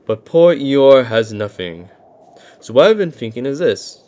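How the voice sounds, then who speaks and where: A man's voice: mid-range voice, animated, measured pace, a little mellow, dull audio, lightly acted. Pooh, a man doing a cheerful muddled bear. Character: gentle simple-minded male bear cub.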